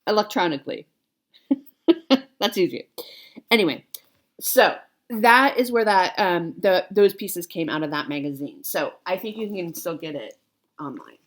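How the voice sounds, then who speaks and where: A woman's voice: lowish voice, expressive, unhurried, pauses often. A woman in her forties chatting casually to viewers as a cross-stitch vlogger, rambling along with fillers and self-corrections. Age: 40s.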